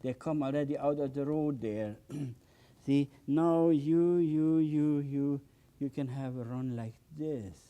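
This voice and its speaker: A man's voice: on the high side, slow pace, dark tone, lo-fi sound. An older man demonstrating oil painting with a palette knife, talking with bursts of enthusiasm, repeating words and exclaiming over the results. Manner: enthusiastic, exclaims often, repeats words, non-native phrasing. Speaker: painting instructor.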